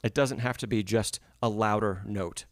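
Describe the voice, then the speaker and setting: With a lowish, steady voice at normal speed, a man gives live-streamed masterclass feedback to a piano student. He explains phrasing patiently, frequently checking in with "right?" and "yes?".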